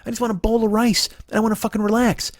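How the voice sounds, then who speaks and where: A man's voice: high-pitched, level tone, rapid-fire, voice pushed up, lightly acted. A man putting on the voice of a laid-back, weary wandering martial artist, speaking casually and a little whiny. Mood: easygoing.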